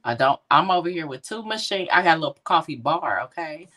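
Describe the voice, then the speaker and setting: A woman's voice: low-pitched, expressive, brisk, over a noisy crowd. A woman co-hosting a live podcast, talking sassy and emphatic in casual banter. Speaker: co-host.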